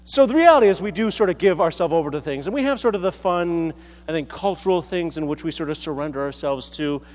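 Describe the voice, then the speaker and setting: A man's voice: on the high side, expressive, fast, darkish tone. An American man preaching a sermon in a large hall, conversational and self-deprecating, with frequent restarts. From United States. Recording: echoey hall.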